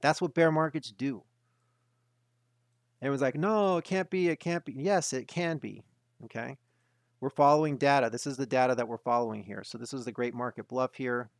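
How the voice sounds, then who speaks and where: A man's voice: mid-range voice, normal speed, vocal fry, pauses often, no room sound, studio quality. A man hosting a market webinar, talking emphatically and repeating his points to drive them home. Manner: emphatic, repetitive, insistent.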